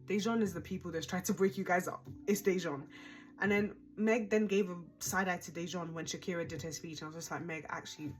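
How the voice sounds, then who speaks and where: Chatty low-voiced woman recapping. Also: brisk. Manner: chatty, dramatic and exasperated, slangy. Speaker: reality show recap host. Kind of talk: casual recap commentary.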